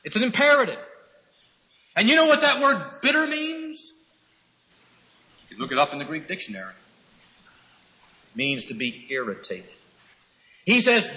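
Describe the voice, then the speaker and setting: A man's voice: high voice, big pitch swings, normal speed, long pauses, sharp tone. A man preaching a sermon, emphatic and full of rhetorical questions, mimicking irritated husbands. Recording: echoey hall reverb, cassette recording.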